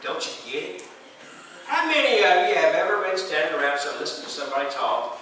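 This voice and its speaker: Animated pastor preaching. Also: male voice, fairly high pitch, fast talker. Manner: folksy, animated, acts out quoted voices. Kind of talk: sermon. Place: church sanctuary. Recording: echoey room, far from the mic, faint noise.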